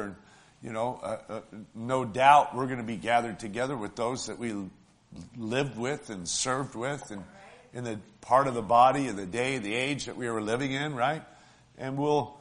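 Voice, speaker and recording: A man preaching a sermon, talking in a folksy way to the congregation and swinging between loud, stretched-out lines and soft, hushed ones. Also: mid-range voice. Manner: emotional, swells loud then drops soft; folksy, asks the congregation "right?".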